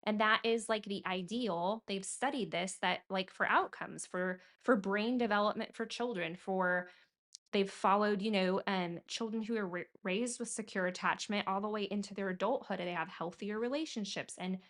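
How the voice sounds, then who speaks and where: A woman's voice: mid-range voice, normal speed, fairly bright tone. A woman from California co-hosting a casual podcast conversation, explaining ideas earnestly and acting out quotes in a raised voice. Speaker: podcast co-host and coach.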